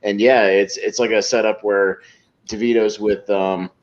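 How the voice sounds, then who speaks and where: A man co-hosting a podcast in casual chat, retelling scenes and jumping into excited acted-out lines, laughing often. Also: on the low side, unhurried, lo-fi sound. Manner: laughs often, many fillers. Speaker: podcast co-host.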